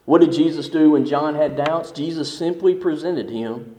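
A man preaching a sermon, reading scripture and explaining it in an earnest, emphatic way, slowing down on key verses. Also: on the high side, mellow. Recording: echoey hall with long reverb.

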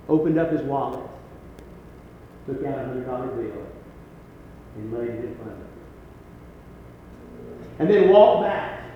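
Preacher in an echoing sanctuary. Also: male voice, medium pitch, a little hiss or hum. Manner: swells from quiet storytelling to emphatic, slowed scripture emphasis. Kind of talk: sermon. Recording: echoey hall with long reverb.

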